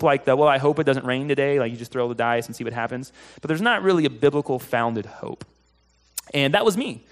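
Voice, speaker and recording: A man preaching a sermon in a conversational storytelling way, getting animated at exciting moments. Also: mid-range voice. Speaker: pastor.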